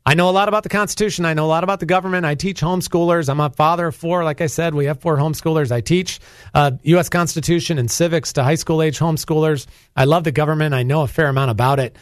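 A man's voice: on the high side, fairly even intonation, fast talker, clean tone, dry recording, clean studio sound. A man, hosting Christian talk radio in a fired-up, preachy and emphatic way. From North Carolina. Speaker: guest radio host. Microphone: studio microphone.

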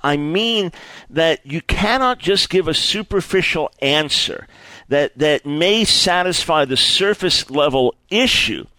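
A man preaching a sermon in an earnest, lively way, often repeating words and stumbling as he builds his point. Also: a little high, slow, no echo.

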